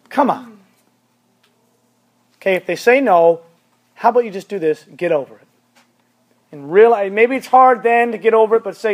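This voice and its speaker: A man with a high voice preaches to young people in a blunt, emphatic way. He hammers his points by repeating them, alternating between loud pushes and quiet asides. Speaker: youth pastor.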